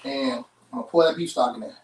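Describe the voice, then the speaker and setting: A man's voice: mid-range voice, fast, far from the mic. A man hosting a live cooking show, talking folksy and chatty straight to his viewers. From Chicago. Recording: roomy kitchen, off-mic.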